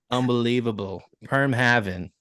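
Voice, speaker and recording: A man's voice: medium pitch, slow pace, fairly bright tone, dry recording, clean studio sound. A man co-hosting a movie podcast, playful and giggly, with many fillers. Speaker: podcast co-host. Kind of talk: casual movie chat.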